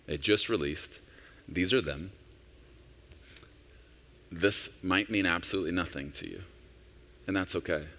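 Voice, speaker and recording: A man's voice: sits low, unhurried, long pauses, sharp tone. A senior pastor in his forties preaching a sermon in a conversational, personal storytelling manner with emphatic rises. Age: 40s.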